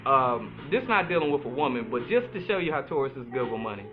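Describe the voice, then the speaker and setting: This man, an astrologer who hosts a podcast, speaks at a medium pitch in a lively, chatty, playful solo talk, slowly drawing out a few words. Faint music sits under a tinny, phone-like sound.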